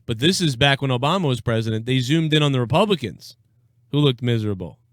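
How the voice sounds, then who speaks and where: A man's voice: medium pitch, lively intonation, fast, dry recording, clean studio sound. A young man hosting a live reaction stream, talking bluntly and sarcastically, with plenty of swearing. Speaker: live-stream show host. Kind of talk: casual political reaction stream.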